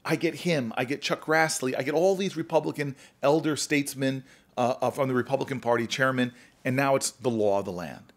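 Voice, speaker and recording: A middle-aged man, a senator, telling stories in an earnest, animated way during a podcast conversation. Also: medium pitch, a little fast. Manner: earnest, animated storyteller, often acts out dialogue.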